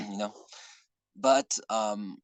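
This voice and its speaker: A man leading an online workshop in casual talk, earnest and rambling, often clearing his throat. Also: on the low side, steady tone, drawn-out words, no room sound, low-quality recording. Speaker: workshop facilitator. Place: online video call.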